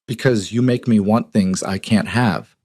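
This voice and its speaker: A man voicing a dangerous, guarded young mafia boss with a low, restrained, confessional delivery. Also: fairly even intonation, a little slow, a little mellow, no room sound, clean studio sound. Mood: tender.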